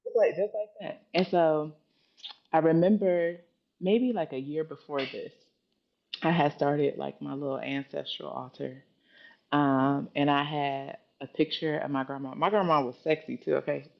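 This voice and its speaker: A woman in her thirties with a Philadelphia accent tells a personal story on a podcast. Her voice has a gravelly edge, and she acts out other people's lines as she goes. The sound is muffled and lo-fi. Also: deep voice, measured pace. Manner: animated, dramatic quoting of others. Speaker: podcast guest. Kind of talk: casual storytelling chat.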